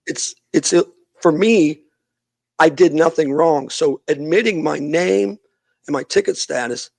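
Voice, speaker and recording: A middle-aged man with a somewhat high, husky voice tells a story in a casual interview, acting out the people he quotes. He speaks as a youth minister and podcast guest. The recording is close and dry. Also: a little slow, no echo.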